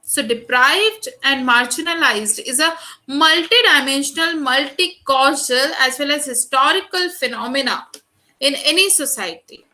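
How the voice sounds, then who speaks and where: Bright-voiced Indian woman lecturing. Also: sits high, a little slow, poor audio. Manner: addresses students directly, reads out lists of terms. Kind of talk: online lecture.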